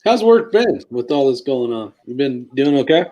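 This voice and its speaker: A man hosting a casual live stream, laid-back and quick to laugh, reading viewer comments aloud. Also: medium pitch, sing-song, mellow, lo-fi sound. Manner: calls his own voice a sleepy DJ voice. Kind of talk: casual chat.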